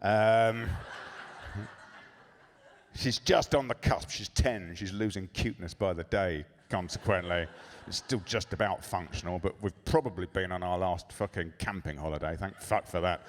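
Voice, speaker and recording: Sardonic stand-up comedian. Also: male voice, low voice, a little slow. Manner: sardonic, profane, deadpan asides. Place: comedy club on stage.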